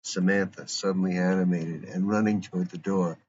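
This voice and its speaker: A man's voice: low voice, steady tone, moderate pace, a little mellow. A man narrating a script aloud, reading stage directions and scene headings plainly. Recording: muffled lo-fi with faint hiss.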